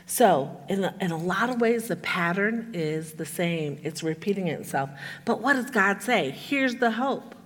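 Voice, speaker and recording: A woman's voice: on the low side, animated, moderate pace, husky. A woman preacher delivering an earnest sermon, reading scripture with emphasis and dropping to near-whispers to stress points. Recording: echoey hall with long reverb.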